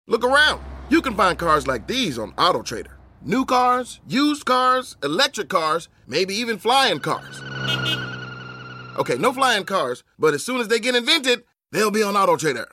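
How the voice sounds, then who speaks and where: A man reading an upbeat advertisement in a punchy, energetic delivery. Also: sits high, moderate pace, pitched above the performer's own voice, heavily acted. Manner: bright, punchy. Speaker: ad reader. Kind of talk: upbeat ad read.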